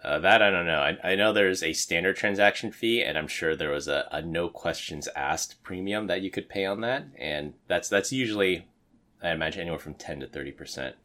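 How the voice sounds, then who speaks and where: A man's voice: deep voice, a little fast. A man hosting a podcast, chatting casually and then reading out a tech news rundown. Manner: hesitant, restarts a lot in chat, steady when reading news. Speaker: podcast host.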